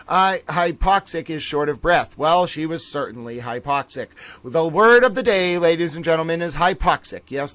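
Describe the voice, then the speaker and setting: Animated man doing livestream trial commentary. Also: a little high, no room sound. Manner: animated, theatrical, keeps saying "ladies and gentlemen".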